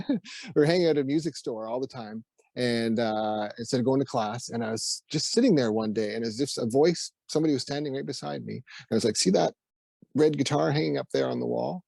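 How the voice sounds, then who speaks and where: A man's voice: medium pitch, darkish tone, no room sound. A Canadian man with a Canadian accent, a musician guest telling stories in a casual interview and laughing often. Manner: laughs often, acts out quoted voices.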